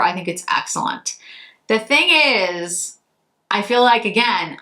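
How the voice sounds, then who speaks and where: A woman's voice: medium pitch, a bit bright. A woman beauty vlogger from Massachusetts, chatting casually and rambling a little as she goes through products. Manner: chatty, rambling, self-correcting. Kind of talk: casual chat.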